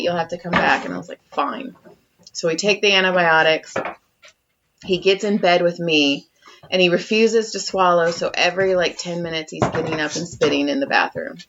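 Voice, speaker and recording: A woman's voice: lowish voice, noisy background. A woman co-hosting a podcast, telling a story in casual chat with lots of swearing and acted-out quotes. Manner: animated storytelling, acting out quotes, heavy swearing. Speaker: podcast co-host. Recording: dull lo-fi sound.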